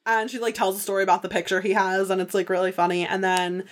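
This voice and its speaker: A woman hosting a podcast, recapping a TV episode in casual chat, excitable and full of "like", sometimes acting out what the characters say. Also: mid-range voice, quick pace. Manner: chatty and excitable, heavy use of "like", acts out characters' lines. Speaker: podcast host.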